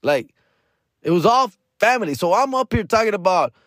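A man's voice: high-pitched, big pitch swings, moderate pace, fairly bright tone, no room sound, studio quality. A comedian hosting his podcast, telling a loose, repetitive story in casual slang. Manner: loose, slangy and repetitive, drops in "bro" and "fool".

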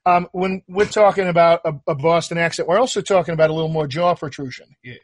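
Male dialect coach from the US, patient and explanatory, voice sits a bit high, dry. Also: no echo. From United States. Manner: patient, explanatory, drawn-out teaching. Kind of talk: coaching an accent on a talk show.

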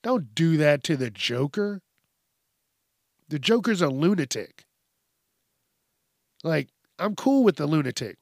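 A man with a gravelly, creaky voice talks slowly and bluntly, swearing freely as he rambles through a casual podcast monologue. His voice is a little higher than most men's. The recording is dry and close, with no room sound. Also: very animated, darkish tone, no echo. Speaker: podcast host.

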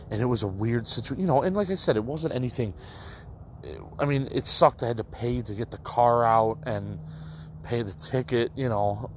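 A man's voice: mid-range voice, darkish tone, a little hiss or hum. A young man telling a personal story in a casual, rambling way, full of likes and restarts. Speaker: storyteller addressing listeners.

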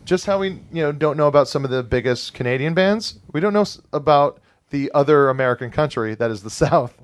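A man's voice: fairly high pitch, animated, fairly quick. A man hosting a casual podcast chat, rambling and cursing, with lots of fillers and restarts.

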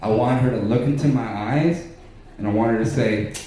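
A man's voice: mid-range voice, moderate pace, a crowd in the background. A man doing stand-up in a conversational, confiding way. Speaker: stand-up comic. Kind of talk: stand-up routine. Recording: echoey club with clear noise.

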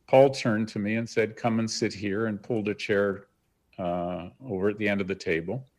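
A Canadian man recounting a story in an interview, animated and acting out the quotes. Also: lowish voice, moderate pace. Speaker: guest.

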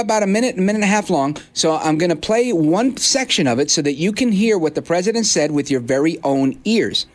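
A male talk radio host with a fairly high voice, speaking from a radio studio. He pushes his points with punchy rhetorical questions. The sound is clean studio-mic audio. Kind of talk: opinionated talk radio monologue.

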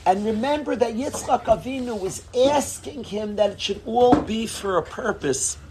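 A man teaching a Torah class in a casual lecture, expressive, swinging between low tones and loud bursts. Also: normal speed, very noisy. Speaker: rabbi teaching students.

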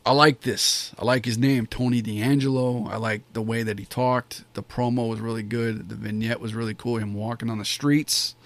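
A man's voice: mid-range voice, fairly even intonation, moderate pace, few pauses, no echo. A man giving a casual spoken review of a wrestling show, rambling and enthusiastic, with many fillers and restarts.

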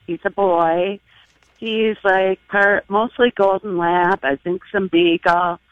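Slow-talking middle-aged woman caller. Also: medium pitch, fairly even intonation, no room sound, lo-fi sound. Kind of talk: phone-in call.

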